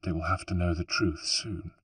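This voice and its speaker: A man voicing a composed, kindly older woman who speaks in a soft, measured, worldly way. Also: deep voice, fairly even intonation, breathy edge, distant mic. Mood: sober.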